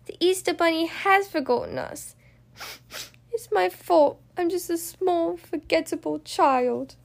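A woman's voice: very high-pitched, very animated, moderate pace, vocal fry, darkish tone, pitched above the performer's own voice, full character voice. A woman voicing a small younger girl puppy who worries easily and talks in a whiny, doubtful way. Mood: gloomy.

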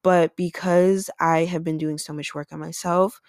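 A woman's voice: fairly low pitch, fairly even intonation, moderate pace, darkish tone, no echo, studio quality. A woman hosting a podcast, telling a personal story in a chatty way, with plenty of "like" and "um". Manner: chatty, lots of "like" and "um". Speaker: podcast host. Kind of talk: casual confessional storytelling.

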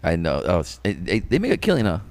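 Guy cohosting a podcast, cracks crude jokes, laughs a lot, pitch all over the place. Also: huge pitch swings, fast talker, darkish tone, no room sound. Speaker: podcast co-host. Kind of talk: casual crude banter.

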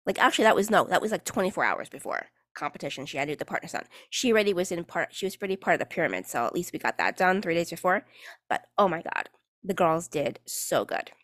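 A woman's voice: on the low side, very animated, fast talker, a bit bright, dry recording, studio quality. A woman, hosting her own podcast in casual, sarcastic chat, full of fillers and casual swearing. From New York. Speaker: podcast host and cheerleading coach.

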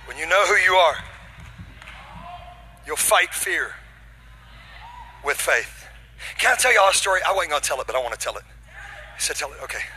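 High, bright-voiced preaching man. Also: animated, moderate pace, pauses often, a little hiss or hum, poor audio. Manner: preaching with rising, shouted climaxes; playful banter with the congregation. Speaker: pastor. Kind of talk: sermon. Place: church auditorium.

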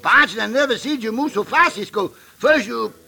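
An actor playing a jolly, excitable Mexican sidekick who speaks broken English in a 1950s radio drama. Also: male voice, very high voice, moderate pace, gravelly, crowd noise, exaggerated voice. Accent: put-on Mexican Spanish accent.

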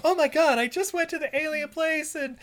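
Giddy, squealing young woman scientist in a parody movie recap, put on by a man far above his own pitch. Breathless and bubbly, her voice jumps very high. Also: fairly quick, fairly bright tone. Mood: perky. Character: perky young woman scientist turned furious.

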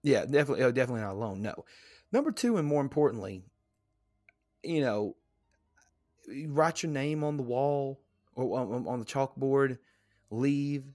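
A man's voice: mid-range voice, lively intonation, normal speed, long pauses, a little mellow, dry recording, studio quality. A man co-hosting a casual podcast, rambling and self-deprecating as he reads notes aloud and riffs on them. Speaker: podcast co-host.

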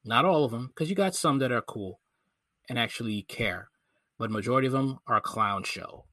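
A man ranting with blunt scorn in a bright, sharp voice. The sound is dry and close, with no room around it. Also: mid-range voice, moderate pace, no room sound. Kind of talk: commentary rant.

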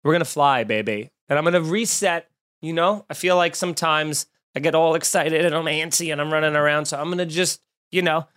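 A man hosting a podcast in casual comedic chat, riffing sarcastically with animated mock quotes. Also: a little high, fairly quick, clear, resonant tone. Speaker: podcast host.

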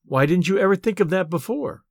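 A man's voice: high voice, animated, brisk, gravelly, dry recording, clean studio sound. A man reading aloud, voicing a sassy, street-smart young shop girl who teases in slang. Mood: curious.

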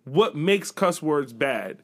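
A young man from Buffalo, co-hosting a podcast in casual chat, an animated storyteller who acts out quotes and swears freely. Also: on the high side, takes it slowly. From Buffalo, New York. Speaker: podcast co-host.

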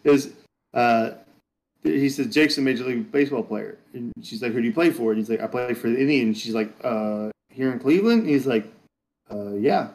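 A man's voice: medium pitch, fairly quick, darkish tone, rough recording. A man co-hosting a casual podcast chat, rambling and correcting himself as he goes. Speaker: podcast co-host.

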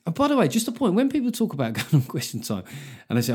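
A man's voice: a little high, huge pitch swings, very fast, a little mellow, husky. A man hosting his own podcast, talking in a rambling, sweary, self-mocking monologue. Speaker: comedian podcast host.

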